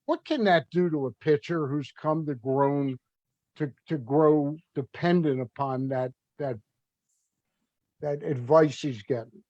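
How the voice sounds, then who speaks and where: A man's voice: fairly high pitch, a little slow, a little mellow, no echo. A man hosting a sports talk interview, asking long, rambling questions with fillers. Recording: dull, dry audio.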